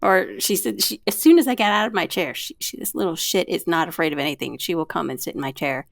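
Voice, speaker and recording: A woman's voice: fairly low pitch, fast, creaky, no echo, studio quality. A woman co-host chatting in a giggly, playful way. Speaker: podcast co-host. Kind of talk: casual chat.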